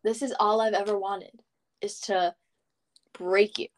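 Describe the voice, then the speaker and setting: A woman's voice: medium pitch, steady tone, measured pace. A young woman chatting casually in a playful, dramatic, teasing way. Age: young adult. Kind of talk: casual chat.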